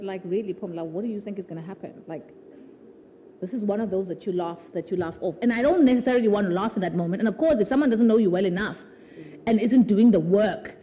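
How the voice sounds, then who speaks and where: A woman's voice: a little high, mellow, muffled recording, a little hiss or hum. A woman author speaking at her own book launch, chatting animatedly before a live audience, laughing often and restarting sentences with repeated words. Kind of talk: conversational talk at a live event. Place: live festival event with an audience.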